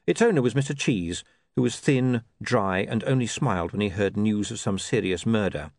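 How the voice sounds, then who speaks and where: A man's voice: lowish voice, moderate pace, a little mellow, no echo. A man reading a comic novel aloud as narrator, with wry, dry storytelling. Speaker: audiobook narrator. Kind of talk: scripted narration.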